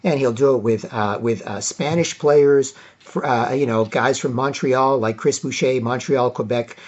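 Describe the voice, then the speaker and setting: A man's voice: mid-range voice, a little slow, muffled recording. A man from Toronto, hosting opinionated solo commentary and rambling with lots of fillers and restarts. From Toronto, Canada. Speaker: vlog host.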